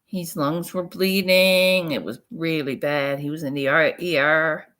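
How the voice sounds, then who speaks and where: A woman's voice: low voice, fairly even intonation, unhurried, a bit bright. A woman vlogger telling a personal story in a frank, rambling, profane way. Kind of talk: casual storytelling vlog.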